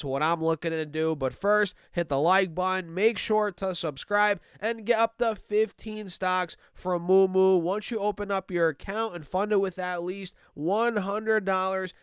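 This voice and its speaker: A man with a stuffed-up nose gives casual market commentary, his voice nasal yet still crisp and very clear. He talks with energy, calls his viewers guys and thinks out loud with plenty of fillers. The sound is dry and close, with no room around it. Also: high voice, fairly even intonation, measured pace, few pauses, dry recording. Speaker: stock market video host.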